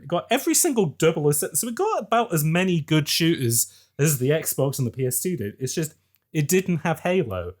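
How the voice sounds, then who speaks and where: A man co-hosting a casual podcast over a call, animated and quick to laugh, swinging between high and low. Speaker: podcast co-host. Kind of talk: casual chat. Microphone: remote call mic.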